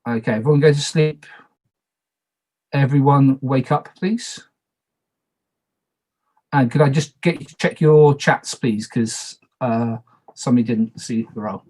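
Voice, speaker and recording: A man's voice: medium pitch, unhurried, pauses often, darkish tone. A man moderating an online party game on a video call, talking casually, repeating instructions and making self-deprecating asides.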